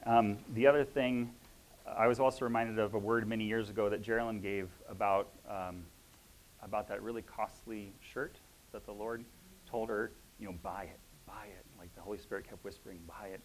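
A man with a fairly low voice shares a spiritual reflection with a congregation. He talks in a thoughtful, halting way, full of pauses and fillers. A faint hiss sits under the recording. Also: steady tone, rough recording. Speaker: church member sharing a word. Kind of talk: informal sermon sharing.

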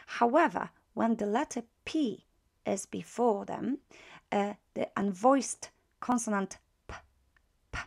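Woman, language tutor, slow delivery, slight vocal fry, patient, repeats and spells words. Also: fairly high pitch. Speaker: Polish language teacher. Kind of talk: online language lesson.

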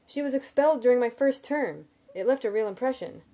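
A woman doing an excitable, shrill young man. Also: fairly quick, a little hiss or hum. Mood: alarmed. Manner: loud, shrill when upset.

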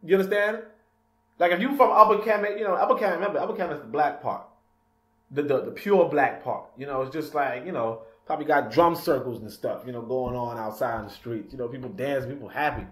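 A male radio host and author talks fast in a mid-range voice through a casual talk-radio monologue, rambling, laughing often and leaning on "you know." The room is echoey.

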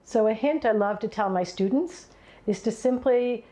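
A woman who teaches yoga and vision, calmly guiding a relaxation in an interview. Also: fairly high pitch, moderate pace. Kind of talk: instructional interview.

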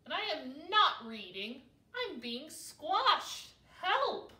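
A woman's voice: sits high, big pitch swings, measured pace, pushed and bright, exaggerated voice. A woman voicing a fussy, indignant baby owl. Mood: upset. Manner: indignant, pleading. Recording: roomy, from a distance.

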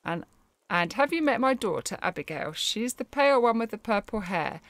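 A woman's voice: on the high side, expressive, moderate pace, no room sound, lightly acted. A woman reading out a chatty, friendly shopkeeper's wife.

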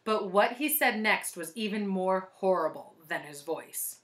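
A woman reading a chapter book aloud to children, lively and inviting them to join in. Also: mid-range voice, measured pace. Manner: lively, asks listeners to try along. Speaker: storybook reader.

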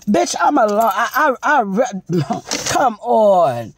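A woman's voice: on the high side, sing-song, takes it slowly, a little hiss or hum. A woman giving profane, mocking comedic roast commentary. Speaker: commentary vlogger.

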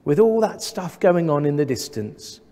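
English vicar preaching in a reverberant church. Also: male voice, on the high side, big pitch swings. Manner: measured, gently humorous preaching with rhetorical questions. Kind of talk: sermon. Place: large church.

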